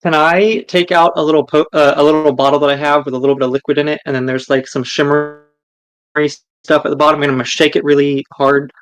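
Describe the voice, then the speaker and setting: Guy playing d&d, lots of ums, eager, highish voice, dry sound. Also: little pitch movement, fast, clear, resonant tone, dry recording. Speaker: player. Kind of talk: casual tabletop play.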